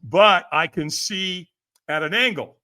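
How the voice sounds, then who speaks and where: A man's voice: high voice, slow, sharp tone, faint music behind. A man guest on a podcast telling a story with lots of energy. He acts out the people he quotes, laughs often and keeps saying "man" and "right?". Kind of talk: animated storytelling.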